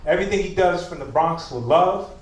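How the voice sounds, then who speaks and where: A man's voice: on the high side, animated, fairly quick. A man emceeing a live show, hyping the crowd and introducing the next comedian. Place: loft comedy venue, indoors. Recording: roomy, distant mic, background noise.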